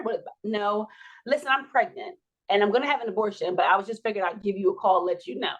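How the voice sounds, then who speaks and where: A woman's voice: mid-range voice, fast talker, husky, muffled recording. A woman in her forties, a podcast guest, telling a personal story with laughs and acted-out dialogue. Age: 40s. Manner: animated, laughing, acts out quoted dialogue.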